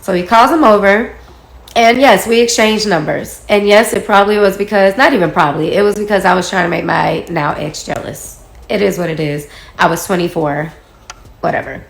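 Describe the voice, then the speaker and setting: A woman's voice: medium pitch, brisk, vocal fry. A woman in her forties telling a personal story in a casual, chatty way, acting out the quoted dialogue. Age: 40s. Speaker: storyteller in a social media video. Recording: echoey room.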